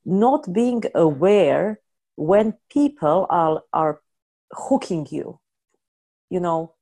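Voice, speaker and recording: Slow, deep-voiced woman with halting speech. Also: animated, warm tone. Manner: halting, restarts and repeats words; non-native grammar. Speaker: energy healing practitioner. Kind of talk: healing practice session.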